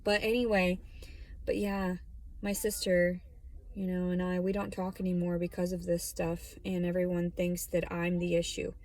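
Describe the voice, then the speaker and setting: A woman's voice: lowish voice, level tone, normal speed, a little mellow. A woman vlogging from her parked car, talking bluntly and rambling, with plenty of swearing. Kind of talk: casual vlog monologue. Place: parked car in a store lot.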